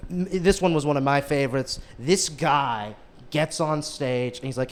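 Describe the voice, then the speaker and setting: A young man chatting as a comedian guest on a podcast, excitable and rambling, often restarting his sentences. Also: mid-range voice, normal speed. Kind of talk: casual chat, storytelling.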